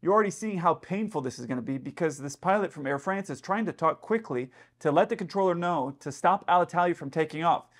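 Chatty pilot explaining an incident. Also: male voice, fairly high pitch. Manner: chatty, explanatory, speculating aloud. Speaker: airline pilot commentator. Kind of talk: casual commentary.

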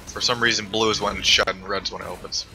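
A man's voice: lowish voice, fairly even intonation, fast talker, pushed and bright, a little hiss or hum, low-quality recording. A man chatting with his team over a headset while gaming, asking lots of questions with hesitant fillers and some swearing. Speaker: gamer streaming a raid. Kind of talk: casual team voice chat.

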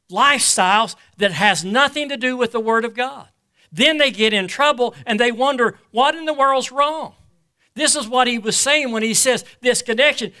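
A male pastor with a high, bright, ringing voice preaches a sermon. He reads scripture in slow, weighty swells and keeps asking the congregation questions. When he turns to personal stories he stumbles and repeats himself. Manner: preaches in swells, reading scripture slowly and emphatically; asks the congregation rhetorical questions.

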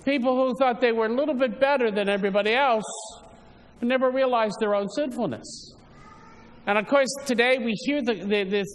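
A man with a fairly high voice gives a casual, chatty homily, coaxing listeners and tripping over small restarts. His words ring out with the long reverb of a church interior. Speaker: preacher.

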